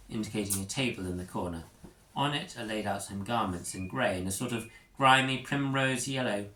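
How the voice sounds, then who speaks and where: Male narrator, low voice, second-person storybook; echoey room, faint hiss. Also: bright, forceful tone. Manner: measured, descriptive reading. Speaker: audiobook narrator.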